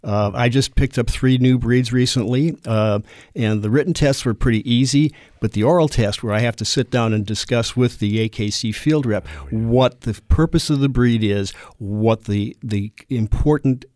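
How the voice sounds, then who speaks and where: A man who is a kennel club president and dog show judge, talking through judging points in a casual radio interview, measured and full of small fillers. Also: mid-range voice, a little mellow, dry recording, studio quality. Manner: measured, explanatory, with frequent fillers.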